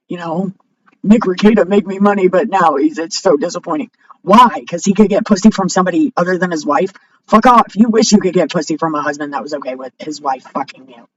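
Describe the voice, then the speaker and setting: A woman's voice: on the low side, breathy edge. Foul-mouthed woman vlogger on a heated home rant, dull lo-fi mic. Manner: profane, blunt, rising to shouting. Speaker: video blogger. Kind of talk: unscripted rant to camera. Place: home, with a cat nearby. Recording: dull lo-fi microphone.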